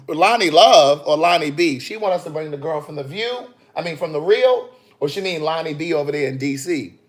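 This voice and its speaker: A man, an author, chatting on a phone livestream in a sassy, animated way, talking straight to his viewers. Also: fairly high pitch, brisk, few pauses. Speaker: author hosting a live video. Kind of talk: casual livestream chat. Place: in the city after a book event.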